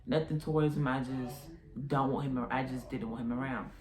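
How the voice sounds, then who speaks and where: A woman's voice: very deep voice, a little fast, a crowd in the background. Young woman telling a story in a roomy echo. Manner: animated retelling with quoted voices. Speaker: vlogger. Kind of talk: casual storytime.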